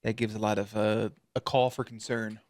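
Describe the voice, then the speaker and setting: A man hosting a casual reaction video, talking in a slangy, profane, animated way. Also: lowish voice, moderate pace, dry recording, clean studio sound.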